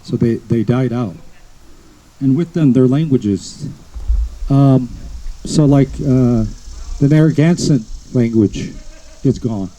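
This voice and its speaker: A man's voice: mid-range voice, warm tone, poor audio. A man from the United States giving a lecture to an audience at an outdoor history event, telling stories and listing names one by one with small asides. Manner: storytelling, lists names slowly, with asides. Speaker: guest speaker at a history event.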